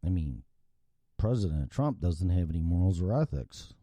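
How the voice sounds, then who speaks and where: A man's voice: low voice, expressive, unhurried, pauses often, mellow, dry recording, studio quality. A middle-aged American man hosting a show, ranting with profanity and heavy sarcasm. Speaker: show host. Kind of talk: solo political rant.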